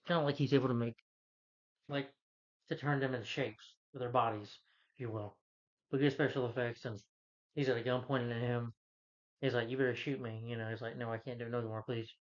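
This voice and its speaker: A man's voice: medium pitch, fairly even intonation, fairly quick, pauses often. Guy rambling through a movie recap, lots of restarts, medium voice, kinda dull lo-fi audio. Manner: rambling, with many restarts and fillers; quotes characters in his own voice. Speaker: film reviewer. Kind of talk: casual plot recap.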